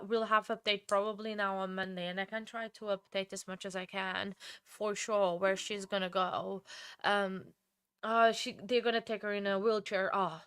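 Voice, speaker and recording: Woman streamer, true crime host, tired, heartfelt, rambling chat to viewers, mid-pitched, dry close sound. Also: a bit bright, smooth, no room sound. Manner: rambling, with many restarts and fillers, answering viewers by name; emotional and heartfelt. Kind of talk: casual live stream chat.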